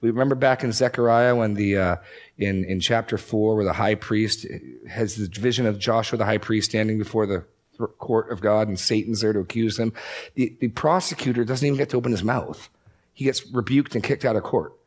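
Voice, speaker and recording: Male pastor, low voice, emphatic class teaching, casual asides. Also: steady tone. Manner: conversational, emphatic, quick asides. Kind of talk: teaching talk.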